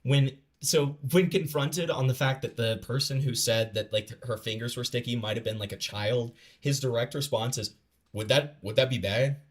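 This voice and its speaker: A man's voice: mid-range voice, moderate pace, few pauses. A man streaming a casual reaction, rambling with lots of fillers and stammered restarts, blunt and profane. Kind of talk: casual live reaction commentary.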